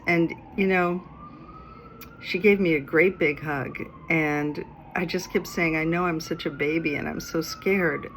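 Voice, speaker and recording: A woman's voice: deep voice, a little slow, a little hiss or hum. Chatty woman telling a story. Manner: chatty, animated, acts out voices of others. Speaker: vlogger. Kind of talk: casual storytelling. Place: outdoors in a city.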